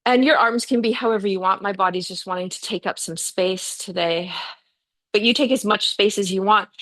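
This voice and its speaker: A middle-aged woman leads a yoga class in a chatty, encouraging way. She talks students through each movement and fills the gaps with easy "yeah"s and "okay"s. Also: mid-range voice. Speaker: yoga teacher. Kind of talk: live guided yoga class.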